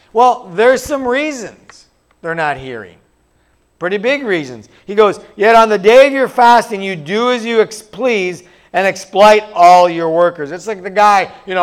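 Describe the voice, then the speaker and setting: A man's voice: high voice, moderate pace, a bit bright. A man preaching a sermon in a casual, self-deprecating way, now and then acting out quoted voices. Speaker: pastor.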